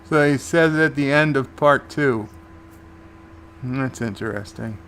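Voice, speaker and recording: A man's voice: mid-range voice, a little slow, fairly bright tone. Brief: male host, laid-back watch-along commentary, mid-range voice, faint background hiss. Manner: casual, recaps scenes and paraphrases lines. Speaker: show host and reviewer.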